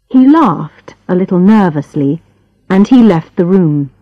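A woman narrating a storybook in a calm, measured reading for learners. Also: fairly low pitch, no echo. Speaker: audiobook narrator. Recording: slightly muffled dry recording.

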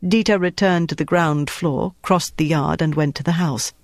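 A man narrates a wartime thriller in a steady, measured storytelling voice. His voice sits a little high for a man, and the close recording is dry, with no room sound. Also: dry recording. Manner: measured, even storytelling delivery. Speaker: audiobook narrator. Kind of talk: scripted narration.

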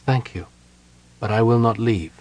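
A man voicing a calm, devout young woman prisoner who speaks softly but firmly. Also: on the low side, unhurried, dry recording. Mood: serene.

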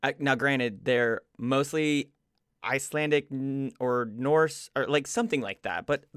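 A man co-hosting a podcast, animated and profane, protesting and joking with his friends. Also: mid-range voice, measured pace, smooth. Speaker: podcast co-host. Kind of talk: casual chat.

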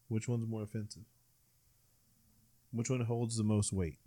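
A young man hosting a casual chat, crude and questioning, often trailing off into quiet mumbles. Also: lowish voice, steady tone, unhurried, long pauses.

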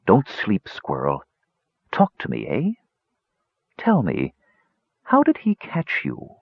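A man voicing a gentle, watchful male cat who talks in a soft, coaxing, purring way. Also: deep voice, huge pitch swings, takes it slowly, creaky, husky, no echo, muffled recording, full character voice.

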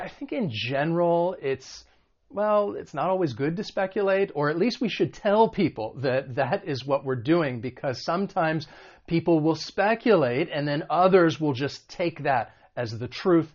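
Male vocab teacher, friendly and explanatory, slightly higher voice, muffled recording. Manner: friendly, explanatory, asks the viewer questions. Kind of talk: video lesson.

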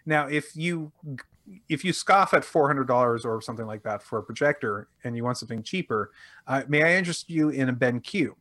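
A man's voice: medium pitch, expressive, fairly bright tone. A man co-hosting a tech podcast in casual, joking chat, telling stories and laughing easily. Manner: enthusiastic, joking, quick to laugh. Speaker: podcast co-host.

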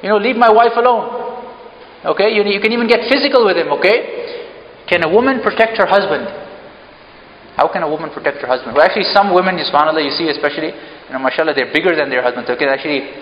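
In a mosque hall, a man gives an interactive religious talk, questioning the audience and joking lightly. His pitch is fairly high and he speaks rapid-fire. The echoey hall gives dull, lo-fi sound with slight background noise.

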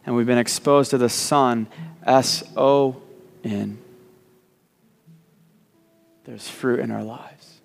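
A man's voice: medium pitch, fairly even intonation, normal speed, creaky, long reverb tail, soft background music. A man preaching a sermon, repeating words as he starts sentences and slipping in joking asides. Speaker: pastor. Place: church sanctuary.

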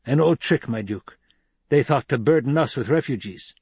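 A gruff, gloomy veteran warrior growls his words in a grim tone, as a male narrator puts him on. The voice is husky, with a dry, close sound. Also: medium pitch, expressive, moderate pace, a little mellow, dry recording, pitched above the performer's own voice. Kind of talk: audiobook character reading.

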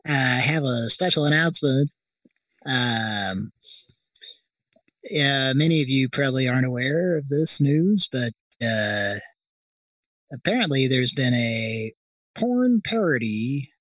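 A man hosting a comedy show, rambling and halting as he addresses the listeners as folks. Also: mid-range voice, animated, a bit bright, no room sound, recorded from a distance. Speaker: show host.

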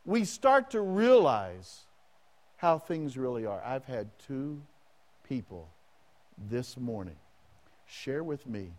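A man's voice: mid-range voice, sing-song, slow pace, long pauses. A man preaching a sermon as pastor, asking the congregation questions and acting out prayers in the first person.

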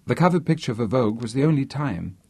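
A soft-spoken young model, gentle and a little weary, as a man reads her lines. The voice is husky and the recording is close and dry. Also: mid-range voice, expressive, fast talker, no echo. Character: gentle young woman model, tired but polite.

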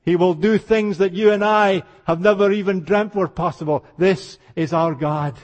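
An older man's high, resonant preaching echoes through a big hall with lengthy reverb. His revival sermon is impassioned storytelling that dips to near-whispers and then swells into fervent exclamations, while overall his tone stays steady at a moderate pace, and the audio sounds dull.

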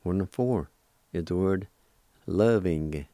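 A man hosting a radio language lesson, spelling and pronouncing each word slowly and patiently, repeating it several times. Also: sits low, dark tone, dry recording. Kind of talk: slow spelling and pronunciation lesson.

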